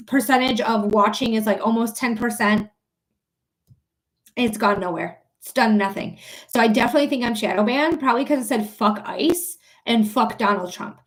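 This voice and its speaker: A woman hosting a psychic livestream, thanking viewers and ranting angrily with lots of swearing. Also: fairly high pitch. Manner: swears freely, talks straight to viewers. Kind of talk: casual livestream chat and ranting.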